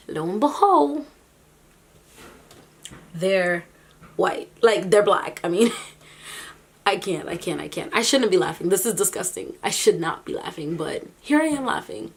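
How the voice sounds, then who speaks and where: A woman vlogger giving casual reaction commentary, animated and incredulous, often breaking into laughter between remarks. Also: mid-range voice, vocal fry, slightly rough.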